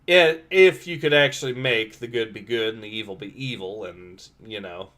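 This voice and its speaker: A man's voice: fairly low pitch, moderate pace, sharp tone. A man hosting a casual comic book reading livestream, blunt and sarcastic in his remarks. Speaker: livestream host.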